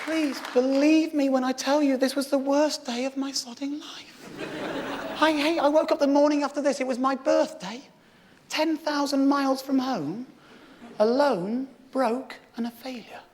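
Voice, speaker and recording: A man with a British accent delivers stand-up in a high, strained voice, alternating loud, sweary rants with soft, confessional stretches. The sound carries a long hall reverb. A faint audience murmur and room noise sit underneath. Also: steady tone, a little slow, crowd noise. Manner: loud, ranting and sweary, swinging to quiet confessional. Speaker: stand-up comedian. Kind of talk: live stand-up storytelling. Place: theatre stage before a live audience.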